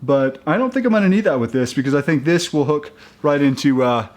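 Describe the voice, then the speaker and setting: A man talking casually in a how-to video, halting and upbeat, with many restarts and fillers as he works. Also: a little high, animated, darkish tone, slight background noise. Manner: chatty and upbeat. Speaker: vlogger installing a roof rack.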